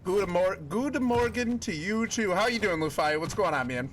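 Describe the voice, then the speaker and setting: Lively high-voiced joking male streamer. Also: normal speed, slight background noise. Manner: jokey, laughs often, chats with viewers. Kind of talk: live gameplay stream chat.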